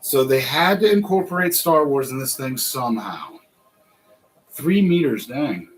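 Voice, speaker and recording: American man, host, rambling casual chat, mid-pitched voice. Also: expressive, unhurried, faint music behind, rough recording. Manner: rambling, chatty, laughs often.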